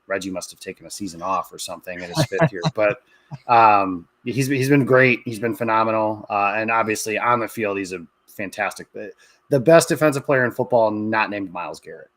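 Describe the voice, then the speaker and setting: A man in his thirties talks in a relaxed, rambling way as a podcast guest, with plenty of "uh" and "like." His voice sits fairly low, and the sound is dry and close. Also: a little fast, dry recording. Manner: easygoing, rambling, many fillers. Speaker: guest, sportswriter. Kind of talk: casual podcast interview.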